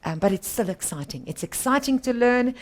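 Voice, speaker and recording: A woman's voice: on the high side, animated, a little fast. A woman co-hosting a guitar lesson as the student, curious and upbeat, asking questions. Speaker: co-host and student. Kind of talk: casual lesson chat.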